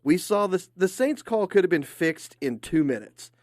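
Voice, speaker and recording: A man's voice: high-pitched, sing-song, normal speed, a little mellow, no room sound, studio quality. A man co-hosting a sports radio show, giving his opinions emphatically. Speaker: radio co-host.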